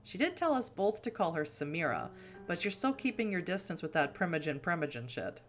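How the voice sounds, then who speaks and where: A woman's voice: on the low side, big pitch swings, brisk, faint music behind. A woman voicing a sardonic young female vampire outcast with a wry, sarcastic manner.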